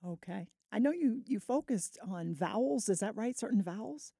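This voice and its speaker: Woman hosting a radio interview, warm-ish low-toned voice w some fry, friendly quick questions. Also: expressive, no echo, clean studio sound. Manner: friendly, short prompting questions. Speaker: radio show host.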